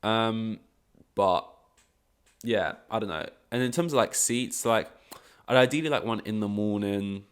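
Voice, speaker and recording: A young man talks alone on his podcast in a loose, rambling way. His voice sits on the low side, and he often stops mid-thought to correct himself. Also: measured pace, long pauses, clean tone. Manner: rambling, self-correcting, frustrated asides. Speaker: podcast host. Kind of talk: casual solo podcast chat.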